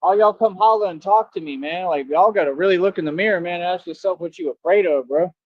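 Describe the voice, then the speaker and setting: A man's voice: high-pitched, fast talker, dry recording, lo-fi sound. A man ranting on a live stream, taunting his critics in a combative way and asking rhetorical questions.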